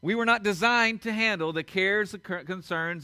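A man's voice: high voice, brisk, few pauses, sharp tone, dry recording. A middle-aged man with a Southern American accent preaching a sermon as pastor, earnestly repeating key lines for emphasis.

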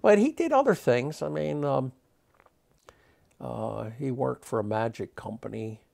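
A man's voice: medium pitch, expressive, measured pace, gravelly, a little mellow. A man, a magic historian, telling anecdotes in an interview, rambling with many fillers. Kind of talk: interview storytelling.

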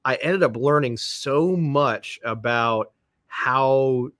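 He talks slowly in a mid-range, fairly bright voice, a Florida police dog trainer in his 50s telling casual stories as a podcast guest. His anecdotes are long and rambling, and he performs the voices of those he quotes. The recording is studio quality with no room sound.

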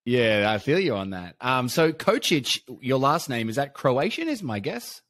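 An Australian man hosts a laid-back podcast, teasing his guest in a lively, swinging voice. The sound is dry and close to the mic. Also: mid-range voice, measured pace, dry recording. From Sydney, Australia. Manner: playful, teasing. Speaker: podcast host. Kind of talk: casual chat.

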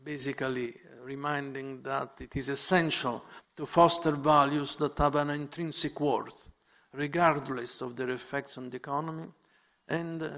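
A man concluding a formal conference talk, measured and pausing with fillers. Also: mid-range voice, fairly bright tone. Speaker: conference speaker.

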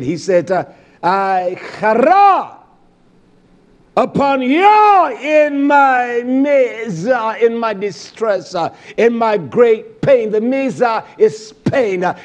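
A man preaching a sermon while seated, repeating phrases and swinging from shouts down to low murmurs. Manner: repetitive, call-and-response phrasing.

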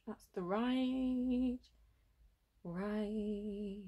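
A young woman hosting a reaction vlog, gushing breathlessly, sighing and slipping into soft whispers as she talks. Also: medium pitch, fairly even intonation, very slow, husky, highs cut off. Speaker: reaction video host. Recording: faint music behind.

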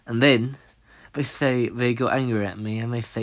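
A young man giving rambling, excitable commentary while playing a video game. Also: measured pace, pauses often. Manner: excitable, rambling, jumps to high squeals. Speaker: gaming channel host. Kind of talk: casual let's-play commentary.

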